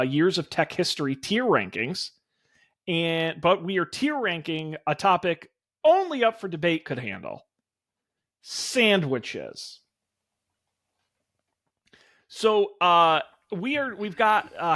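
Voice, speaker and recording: Podcast host guy, lively pitch up and down, chatty, lots of uhs, slightly high voice. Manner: animated, rambling plugs with many fillers. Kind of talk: casual chat.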